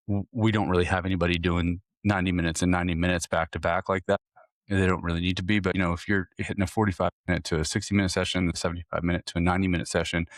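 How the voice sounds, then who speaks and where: A man's voice: low-pitched, dry recording, clean studio sound. A man hosting a hunting fitness podcast, talking earnestly in a casual coaching way and often repeating words as he restarts. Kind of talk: casual solo podcast talk.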